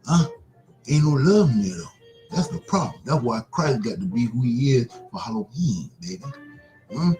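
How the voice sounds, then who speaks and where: A man hosting his own broadcast, preaching casually in a repetitive, drawn-out way. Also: mid-range voice, warm tone, rough recording. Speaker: broadcast host.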